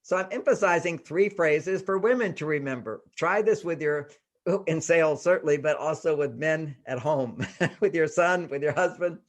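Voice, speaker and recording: A man with a somewhat high voice, talking casually as a guest author. He is animated, laughs often, and acts out bits of dialogue as he explains. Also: moderate pace. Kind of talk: casual interview talk.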